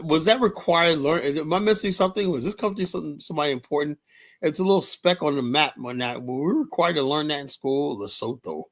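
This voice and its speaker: A man's voice: mid-range voice, creaky. Rambling man hosting a live stream. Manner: rambling, laughs often, talks to chat by name. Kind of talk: casual live-stream commentary.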